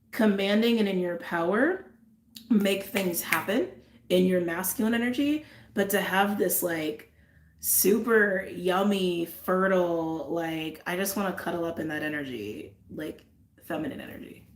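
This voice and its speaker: Woman, low-ish voice, effusive tarot reader repeating herself, echoey room. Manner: effusive, repeats phrases, drifts into soft trailing asides. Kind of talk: intuitive reading to camera, casual chat.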